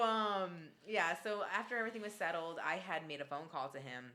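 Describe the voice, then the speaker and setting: A woman's voice: lowish voice, fairly quick. A woman hosting a podcast, telling a story in casual chat with lots of fillers and free swearing. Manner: animated, swears freely, many fillers. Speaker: podcast host.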